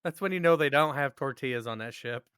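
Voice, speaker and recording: A man's voice: mid-range voice, fast talker, fairly bright tone, smooth. A man co-hosting a podcast, telling a story in a crude, joking way with plenty of swearing. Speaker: podcast co-host. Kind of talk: casual storytelling chat.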